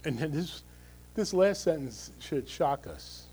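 A man's voice: fairly high pitch, expressive, slow pace, darkish tone, husky, poor audio. A male pastor giving a conversational, emphatic sermon, often checking in with the congregation through tag questions.

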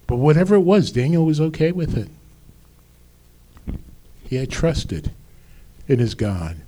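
A man preaching a sermon as pastor, slow and deliberate with emphatic rises. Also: on the high side, big pitch swings, mellow.

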